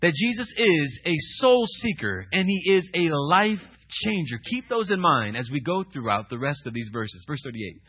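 A man preaching a sermon as pastor, swinging between loud, emphatic questions and hushed scripture reading. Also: fairly high pitch, animated, normal speed, hardly any pauses, slightly rough, lo-fi sound.

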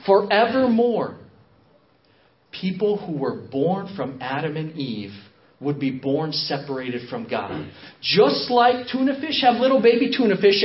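A man giving an animated storytelling sermon as a missionary guest speaker, acting out dialogue as he goes. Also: sits high, measured pace. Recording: echoey hall from far off, dull.

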